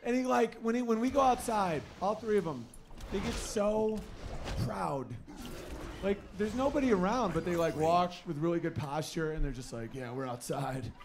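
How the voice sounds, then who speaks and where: Animated stand-up comedian man, noisy room. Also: normal speed. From Northeast United States. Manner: animated, acts out dog voices in high excited shouts.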